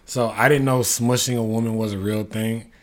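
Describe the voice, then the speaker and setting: A man's voice: fairly low pitch, steady tone, normal speed, slight background noise. A man co-hosting a podcast, chatting casually and joking about himself. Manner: joking, self-teasing, chatty. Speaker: podcast co-host.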